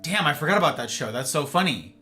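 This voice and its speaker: Streamer host, male, bright tone, animated rambling chat, faint guitar underneath. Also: a little high, quick pace. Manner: rambling, animated, acts out little dialogues. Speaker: livestream host. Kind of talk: casual chat with live viewers. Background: faint guitar music.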